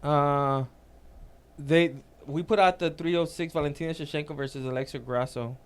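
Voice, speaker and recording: A man co-hosting a casual podcast, telling an animated story and reading comments aloud. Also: on the high side, normal speed, clear, resonant tone. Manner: animated storytelling, reads out comments, laughs a lot. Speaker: podcast co-host.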